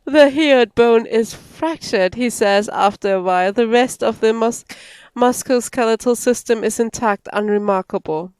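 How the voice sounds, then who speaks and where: Slow-reading woman streamer. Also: mid-range voice, a little mellow, no room sound. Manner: slow, careful reading with laughs and asides. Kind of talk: reading game text aloud. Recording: faint game music behind.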